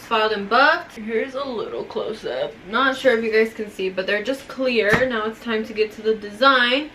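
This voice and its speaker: A woman's voice: a little high, sharp tone, slight background noise. A young woman casually telling a scary story while doing her nails, with lots of "like" fillers. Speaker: storytime vlogger. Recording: distant mic with music bed.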